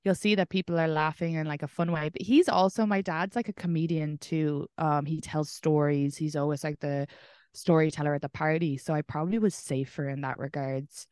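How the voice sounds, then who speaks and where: Chatty Irish woman comedian, smooth voice. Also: low-pitched, fairly even intonation, brisk, a little mellow, dry recording, clean studio sound. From Ireland. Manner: chatty, candid, swears casually. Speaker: comedian guest. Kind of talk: casual interview chat.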